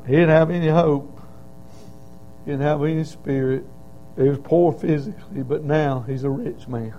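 High-voiced preacher man. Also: normal speed, mellow, highs cut off, a little hiss or hum. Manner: folksy storytelling, building to emphatic cries. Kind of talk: sermon.

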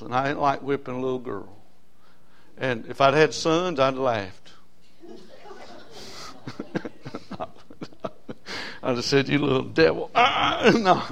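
This middle-aged man, medium-pitched and creaky-voiced, is preaching to his congregation. He calls out for amens and alternates between booming and quiet passages.

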